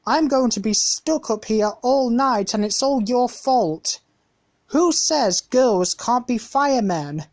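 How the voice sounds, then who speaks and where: A woman reading aloud puts on a lively young girl for a storybook, pitched well above her own voice and full of eagerness. She sounds pleading and excited. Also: takes it slowly. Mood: tearful.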